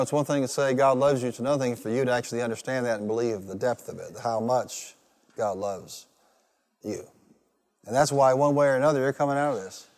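With a mid-range voice and the sound of a big room, a pastor stirs his congregation through call-and-response. His sermon is rousing, building up to loud peaks.

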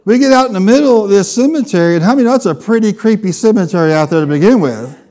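A man preaching a sermon, telling a funny personal story with lively, animated delivery. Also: high-pitched, fast talker. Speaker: pastor.

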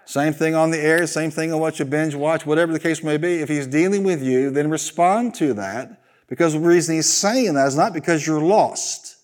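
A male pastor preaching a sermon, animated and joking, leading the congregation in call-and-response. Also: on the high side, normal speed.

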